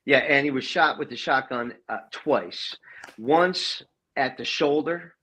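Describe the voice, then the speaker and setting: A man's voice: medium pitch, slow, pushed and bright, poor audio. A middle-aged man from Ohio, an expert guest on a video call, explaining in a casual way with many hesitations and self-corrections. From Ohio, west side of Cleveland.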